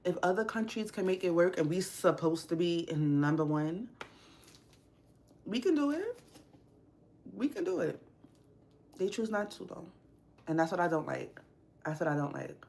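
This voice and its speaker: A young woman chats on a casual livestream from a home workspace. Her voice sits a little low, and she rants bluntly, swearing often and pressing each opinion hard. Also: moderate pace, gravelly, darkish tone, slight background noise. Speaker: livestream host.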